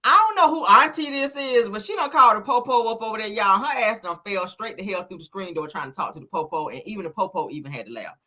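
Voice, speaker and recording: A woman's voice: mid-range voice, fast talker, few pauses, sharp tone. A woman hosting a casual commentary chat, sassy and blunt, swearing freely and often chuckling. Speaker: host.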